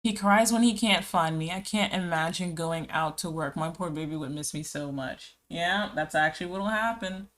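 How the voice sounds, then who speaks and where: A woman's voice: fairly low pitch, normal speed, few pauses, a bit bright. A young woman streaming live as an illustrator, chatting casually and rambling through answers to chat messages while she draws. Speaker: art streamer.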